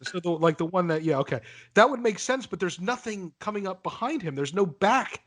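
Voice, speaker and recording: A man's voice: high-pitched, animated, fairly quick, fairly bright tone, dry recording. Joking, profane male podcast host. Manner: joking, profane, leading the questions. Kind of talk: casual chat.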